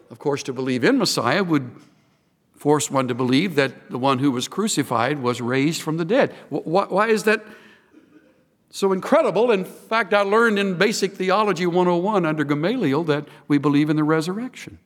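A man's voice: on the high side, normal speed. A male pastor preaching a sermon, dramatically retelling a story in first person and often repeating his words. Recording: reverberant hall.

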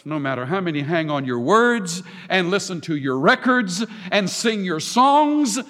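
Male preacher, higher voice, swooping lively delivery, deliberate pauses; long hall reverb. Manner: emphatic, dramatic pauses and repetition. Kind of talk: sermon.

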